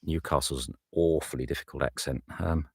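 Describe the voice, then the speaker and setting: A man's voice: a bass voice, steady tone, fairly quick, vocal fry, a little mellow, slightly rough, dry recording, studio quality. A man, an audiobook narrator, muttering his thoughts aloud while working in his home recording booth. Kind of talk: casual behind-the-scenes commentary.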